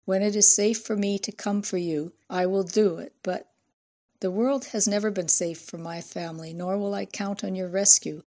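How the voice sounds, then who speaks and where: A woman's voice: mid-range voice, steady tone, normal speed, mellow, natural voice. A woman voicing a grieving woman scientist, restrained, her voice breaking at times. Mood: sorrowful.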